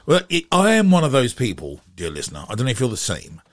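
Man, casual co-host banter, rambling storyteller, lively pitch, dry close mic. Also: no room sound. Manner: chatty, rambling, quick to laugh.

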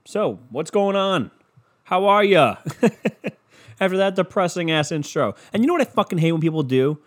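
A man's voice: high-pitched, animated, normal speed. A man hosting a solo podcast from his bedroom, talking in a rambling, profane, jokey way. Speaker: podcast host. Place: bedroom, in the dark. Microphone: microphone.

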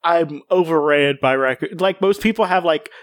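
A man's voice: a little high, normal speed, no echo, studio quality. A man co-hosting a casual chat, rambling with many fillers and restarts while reading out folklore. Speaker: podcast co-host.

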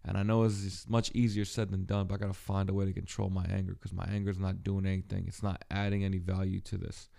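Deep gravelly man venting raw. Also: little pitch movement, mellow. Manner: halting, profane, emotionally raw. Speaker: podcast host. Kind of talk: personal solo monologue.

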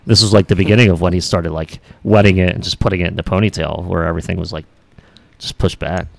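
A man's voice: deep voice, fairly even intonation, quick pace, gravelly, dry recording. A man co-hosting a podcast in laid-back, rambling casual chat, full of fillers. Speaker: podcast co-host.

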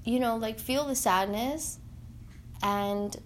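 A woman in an earnest, heartfelt spiritual monologue, halting and searching for words with many fillers. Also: fairly high pitch, a little hiss or hum.

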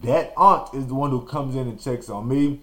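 A man hosting a podcast, telling a childhood story in a casual, animated way and acting out quotes and sound effects. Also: medium pitch, moderate pace. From Texas.

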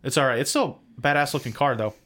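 A man co-hosting a casual podcast livestream, rambling through details with self-deprecating asides and quick jokes. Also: mid-range voice, a bit bright. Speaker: podcast co-host.

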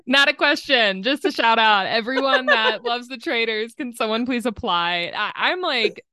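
A woman co-hosting a podcast in casual, playful chat, brisk and competitive in tone. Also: fairly high pitch, sing-song, sharp tone, no echo, clean studio sound. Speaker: podcast co-host.

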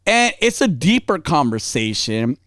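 A man's voice: a little high, very animated, measured pace, fairly bright tone, no room sound, clean studio sound. A man co-hosting a casual podcast, talking loosely with lots of swearing and filler words. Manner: casual, profane, says bro and like a lot. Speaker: podcast co-host.

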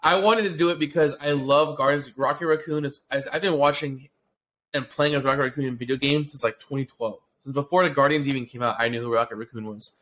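His pitch is medium and his pace quick as he co-hosts a casual podcast. The story he tells is long and wandering, heavy on swearing, restarts and filler, with an excitable, profane delivery.

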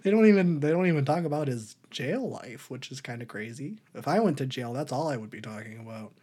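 A man's voice: mid-range voice, expressive, a little fast, a little mellow, breathy edge. A man co-hosting a casual podcast, rambling through a movie recap with frequent laughs. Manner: rambling, laughing, breaks into put-on voices for quotes. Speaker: podcast co-host.

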